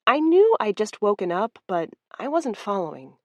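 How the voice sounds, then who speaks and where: A woman reads a first-person story aloud in a calm, even, lightly amused way, her voice at a middling pitch. The recording is close and dry, with no room sound around it. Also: moderate pace, no echo. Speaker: audiobook narrator. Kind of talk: first-person audiobook narration.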